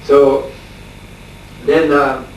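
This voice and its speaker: A male monk tells a long anecdote during a scripture class in a relaxed, conversational way, with frequent chuckles and hesitant fillers. His voice sits at an average pitch. The recording is distant, heavily reverberant and carries a faint hiss. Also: drawn-out words, creaky. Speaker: monk lecturer. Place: lecture room at a farmstead. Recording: echoey room, distant mic, faint hiss.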